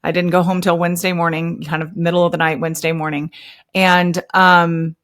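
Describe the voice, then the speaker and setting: A woman in her thirties hosts her own podcast and tells a personal story. Her voice sits a little low, and she acts out the other people's lines as she goes. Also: brisk. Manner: animated, acts out quoted dialogue. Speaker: podcast host.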